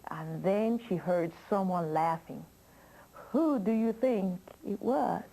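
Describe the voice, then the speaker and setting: Slow-reading woman telling a children's story. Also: on the low side, vocal fry, mellow, rough recording. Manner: slow, drawn-out with questions to the listener.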